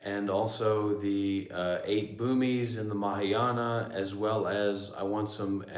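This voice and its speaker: Blunt low-voiced man, echoey room. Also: steady tone, measured pace, hardly any pauses. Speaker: meditation teacher, former monk. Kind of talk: livestream Q&A talk.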